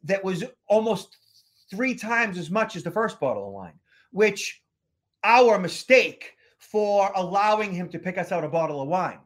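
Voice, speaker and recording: A man's voice: high-pitched, animated, unhurried, a bit bright. A man from the Boston area hosting a podcast, telling a story casually with lots of fillers and restarts. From Boston area, USA. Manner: chatty, many fillers and restarts. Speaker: podcast host, security expert.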